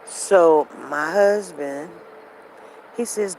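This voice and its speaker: A woman hosting a casual show, telling a family story in a repetitive, animated, conversational way while walking outdoors. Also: deep voice, slow pace, a little hiss or hum, low-quality recording. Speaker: show host. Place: walking outdoors near traffic.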